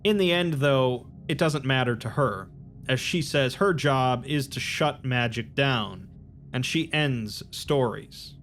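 A man retells a story's events in a measured, even narrating voice at a middling pitch. Soft music plays faintly beneath his words.

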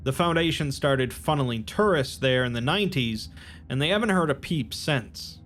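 A man narrating a summary of a story in a measured, plain storytelling manner. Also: mid-range voice, expressive, fairly bright tone.

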